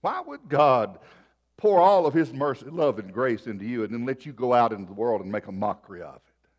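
A man preaching a sermon, telling a folksy personal story and shifting between loud and soft. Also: mid-range voice, expressive, a little fast, lo-fi sound. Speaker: pastor.

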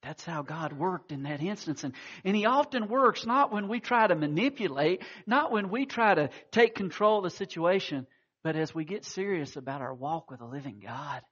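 A man's voice: a little high, animated, moderate pace, fairly bright tone, husky, highs cut off. A man preaching a sermon, telling stories with acted-out quotes and frequent restarts. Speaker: pastor.

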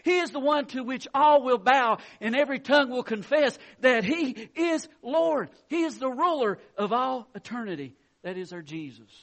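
A pastor preaching a sermon, earnest and anecdotal, rising to loud emphasis and dropping to quiet, reflective lines. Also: male voice, very high voice, moderate pace, hardly any pauses.

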